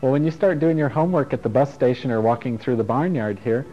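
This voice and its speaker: A middle-aged man teaching a self-help workshop talks fast in a medium-pitched voice, giving a casual talk to a group. He's frank and loose, swearing easily and chuckling often in a playful way. The sound is dull and lo-fi, with faint music behind him.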